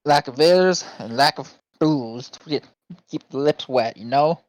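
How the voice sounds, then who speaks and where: A man narrating as game master of a tabletop game, halting and correcting himself as he goes. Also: mid-range voice, dry recording, rough recording.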